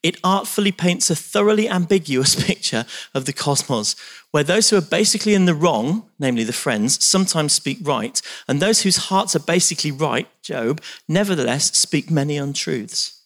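A man's voice: on the high side, lively intonation, normal speed, fairly bright tone. A man preaching a sermon, reading scripture aloud with dramatic emphasis and talking to the congregation.

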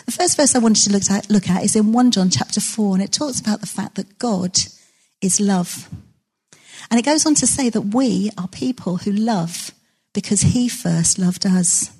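Breathy woman preaching a chatty sermon. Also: mid-range voice, moderate pace. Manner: warm, conversational, self-deprecating storytelling.

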